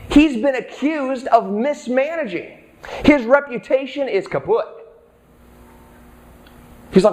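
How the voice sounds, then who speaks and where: Middle-aged man, high voice, chatty pastor delivering a sermon. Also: animated, slow, long pauses, darkish tone. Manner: conversational, acts out the characters' lines.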